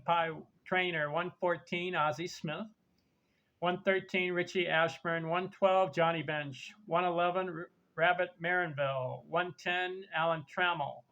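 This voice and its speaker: A man's voice: high voice, a bit bright. A man hosting a sports talk show, reading down a ranking list and stressing his points as he teases the reveal. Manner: emphatic, teasing the big reveal. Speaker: podcast host. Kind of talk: countdown ranking monologue.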